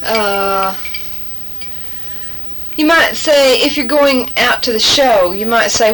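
A woman giving a spoken fill-in-the-blank test, halting with many fillers and saying okay after each answer. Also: a little high, fairly bright tone, rough recording. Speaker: language tester. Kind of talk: reading fill-in-the-blank prompts.

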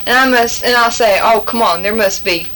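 High-voiced woman reading fill-in prompts. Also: bright, forceful tone, a little hiss or hum, rough recording. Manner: halting, many fillers, says okay after each answer. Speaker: language tester.

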